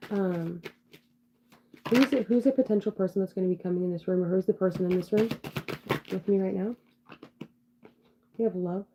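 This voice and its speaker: A woman's voice: mid-range voice, dark tone, a little hiss or hum. A young woman doing a casual tarot reading livestream, rambling, full of fillers and swearing offhandedly. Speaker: tarot reader. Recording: dull lo-fi sound.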